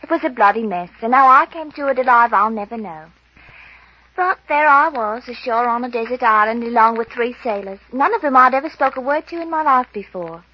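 An actress playing a young English lady's maid stranded on an island, with an English accent and a husky voice, in 1940s radio acting style. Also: a little high, lively intonation, brisk. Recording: dull old radio broadcast.

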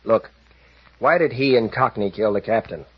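An actor playing a calm, decisive adventurer pilot captain with a steady, commanding manner and a husky voice, in 1940s radio acting style. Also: male voice, on the low side, normal speed, no echo. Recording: dull, dry old radio broadcast.

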